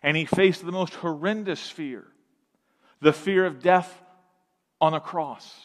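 A man preaching slowly and deliberately in a fairly high voice, leaning on single words and leaving long dramatic pauses. He drops to a near hush, then swells back up. His voice rings with the long reverb of a large church hall. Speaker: pastor. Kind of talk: sermon.

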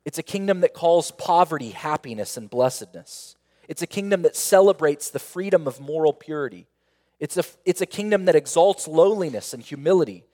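A man's voice: on the high side, lively intonation, fairly quick. Earnest male pastor preaching in a reverberant hall. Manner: earnest, rises to emphatic peaks then drops quiet and intimate; repeats phrases and asks rhetorical questions. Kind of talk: sermon.

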